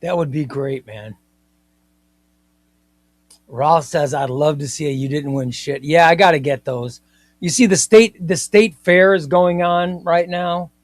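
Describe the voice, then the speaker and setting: A man hosting a comics live stream, chatting in an excitable, rambling way and often repeating himself. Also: on the high side, unhurried, no room sound. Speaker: comics livestream host. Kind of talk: casual live-stream chat.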